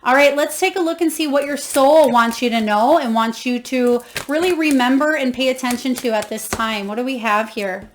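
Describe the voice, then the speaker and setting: A woman's voice: high-pitched, moderate pace, few pauses, a little hiss or hum. A woman giving a tarot card reading to viewers, effusive and encouraging, reading guidebook passages aloud and exclaiming with emotion. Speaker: tarot reader.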